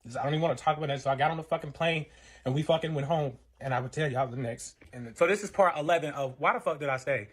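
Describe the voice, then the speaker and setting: High-voiced man telling a profane story. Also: quick pace, slightly rough. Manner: profane, rambling retelling full of fillers and acted-out quotes. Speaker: storyteller recounting a relationship. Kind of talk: casual personal storytelling.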